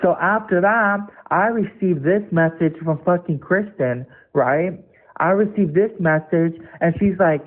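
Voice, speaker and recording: A young man telling the story of an online dispute in an angry, profane, rapid rant. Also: high voice. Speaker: online debater. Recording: tinny phone-like audio.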